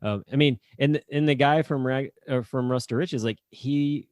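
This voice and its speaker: Podcast co-host, man from Northern Indiana, easygoing chatter with fillers, mid pitch, dry close sound. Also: steady tone, moderate pace, a little mellow, no room sound. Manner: easygoing, laughs often, many fillers. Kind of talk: casual chat.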